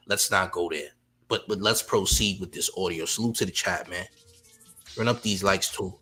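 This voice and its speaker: Male streamer, lowish bright voice, teasing and mocking commentary over faint music. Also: moderate pace, husky. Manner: teasing, trash-talking chat. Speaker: livestream host. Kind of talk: casual livestream commentary.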